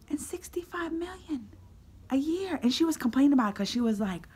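High-voiced animated woman vlogger. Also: normal speed, long pauses, husky. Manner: swings between excited shouts and whispered asides; acts out her own lines in quotes. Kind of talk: animated reaction storytelling.

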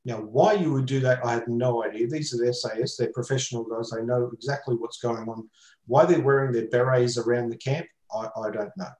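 A man's voice: medium pitch, a little fast, a little mellow, echoey room, poor audio. An Australian man chatting casually on a panel over a video call, rambling with many fillers. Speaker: panel guest.

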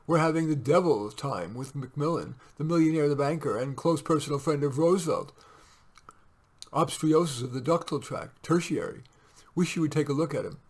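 A man's voice: on the high side, moderate pace, slightly rough. A man voicing a haggard, worried male doctor in a read-aloud story. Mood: anxious.

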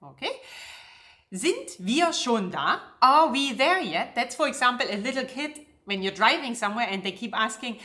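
Woman teaching a lesson, bright voice, very animated pitch. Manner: slow and clear, checks in with "yeah?" and "okay?". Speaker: German teacher. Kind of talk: language lesson.

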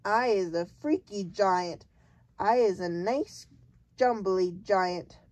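A woman voicing a big, muddled but kindly male giant who mangles his grammar, reading slowly in a dry, close recording. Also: darkish tone, dry recording. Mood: protesting. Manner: jumbled grammar, booming and emphatic.

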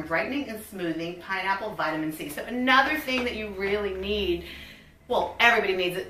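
A woman's voice: medium pitch, bright, forceful tone, reverberant, recorded from a distance, slight background noise, low-quality recording. Bubbly chatty woman in her fifties. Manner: bubbly, chatty, reads product labels aloud. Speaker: beauty vlogger. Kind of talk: casual unboxing chat.

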